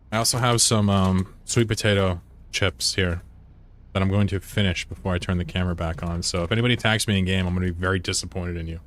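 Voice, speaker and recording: A man chatting casually to his viewers during a live game stream at home, rambling and swearing freely. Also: deep voice. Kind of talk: casual live-stream chat while gaming. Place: room at home with a window.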